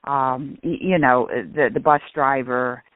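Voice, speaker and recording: A middle-aged woman speaking earnestly in a casual radio talk, often restarting and slowing down to stress points. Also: rumbling low, fairly even intonation, clear, resonant tone, dry recording. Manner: earnest, with restarts and slow emphasis. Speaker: guest speaker on shame and guilt. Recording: tinny phone-like radio sound.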